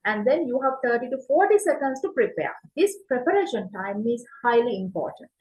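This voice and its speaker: Woman tutor, kinda high voice, explains stuff step by step, lots of uh and right?. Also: big pitch swings, brisk, a little mellow, dull audio. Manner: explains step by step, asks and answers her own questions; frequent fillers and checks like "right?". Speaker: exam prep teacher. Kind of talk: online class lecture.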